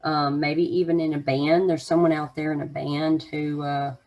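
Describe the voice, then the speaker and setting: A woman's voice: low voice, little pitch movement, normal speed, highs cut off. A woman giving an unscripted oracle card reading to her viewers, musing in a meandering way with many fillers.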